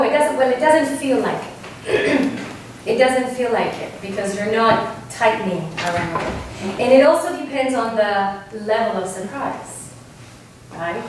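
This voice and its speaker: A woman vocal coach from Argentina leads a singing workshop, teaching in a lively way and often checking in with "right?". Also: fairly high pitch, slight background noise. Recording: distant mic in a very echoey room.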